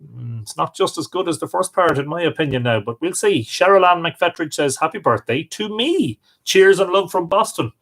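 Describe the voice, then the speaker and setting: A man's voice: a little high, animated, moderate pace, few pauses, fairly bright tone. A man with an Irish accent hosting a live stream from home, cheerfully greeting viewers by name. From Ireland. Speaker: host.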